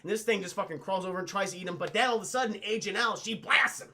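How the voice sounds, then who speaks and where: A young man streaming a casual, profane film recap to his chat, excitably acting out lines from the movie. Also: high voice, racing.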